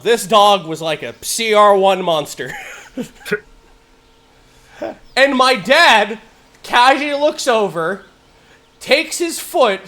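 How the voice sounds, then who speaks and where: Young man, streamer, high voice, swooping animated delivery, laughs and swears, faint music. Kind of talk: casual storytelling while gaming.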